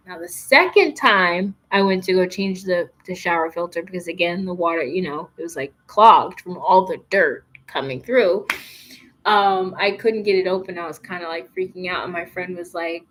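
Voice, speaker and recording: A woman's voice: on the low side, a bit bright. Chatty woman vlogger, lots of fillers. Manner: chatty, lots of fillers and likes, acts out quotes. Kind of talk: casual storytime chat. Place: apartment in a large city.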